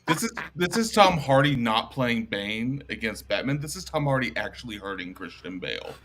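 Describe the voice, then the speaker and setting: A man's voice: mid-range voice, big pitch swings, moderate pace, fairly bright tone. A man playing a tabletop game, talking emphatically and profanely with lots of "like". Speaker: player. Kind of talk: casual tabletop game chat.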